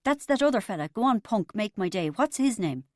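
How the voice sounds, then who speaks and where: A woman voicing a strict, scolding middle-aged mother, sharp and reproachful, in a storybook reading. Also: medium pitch, big pitch swings, a little fast, dry recording, studio quality, pitched above the performer's own voice, close to an everyday voice.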